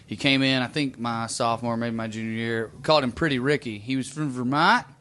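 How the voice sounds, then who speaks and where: A man's voice: mid-range voice, steady tone, fairly quick, sharp tone, slight background noise. A man co-hosting a comedy podcast, telling rambling, profane college stories in casual chat. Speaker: podcast co-host.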